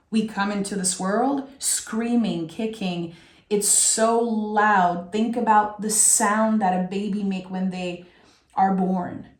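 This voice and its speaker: A woman giving a soft, heartfelt tarot reading with many pauses, speaking straight to her viewer. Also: mid-range voice, roomy sound. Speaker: tarot reader. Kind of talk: emotional tarot reading monologue.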